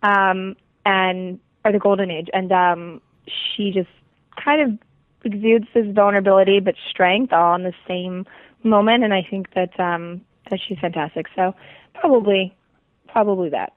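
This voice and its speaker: A woman guest, hoarse from a cold, chatting casually over the phone and laughing often. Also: mid-range voice, fairly even intonation, a little slow, no echo. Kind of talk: casual chat. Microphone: phone call. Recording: tinny, dry phone line.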